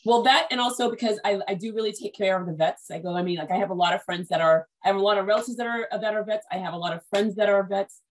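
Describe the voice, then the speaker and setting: A woman's voice: medium pitch, fast, few pauses. A woman hosting a podcast interview over a video call, chatty and rambling with many restarts. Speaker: podcast host. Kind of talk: casual interview chat.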